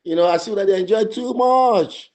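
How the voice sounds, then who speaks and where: A middle-aged man from Sierra Leone with a Sierra Leonean Krio English accent, giving impassioned radio commentary as a democracy activist, repeating his phrases and swinging from loud stress to low murmurs. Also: moderate pace.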